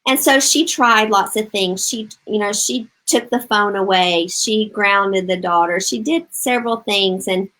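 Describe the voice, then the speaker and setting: A woman's voice: medium pitch, unhurried, hardly any pauses, bright, forceful tone, rough recording. Upbeat woman coaching parents. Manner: upbeat, encouraging, addresses parents directly. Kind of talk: live-stream talk answering viewer comments.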